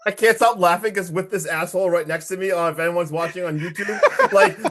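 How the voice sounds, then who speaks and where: A man's voice: high voice, sing-song, a little fast, fairly bright tone. A man co-hosting a podcast, reacting to his partner's story with short, laughing interjections. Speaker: podcast co-host. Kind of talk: casual chat.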